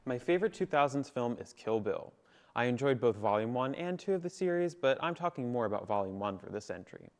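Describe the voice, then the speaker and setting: A young man co-hosting a student video show, enthusiastic and animated. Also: mid-range voice, brisk. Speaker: co-host. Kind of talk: scripted campus video hosting.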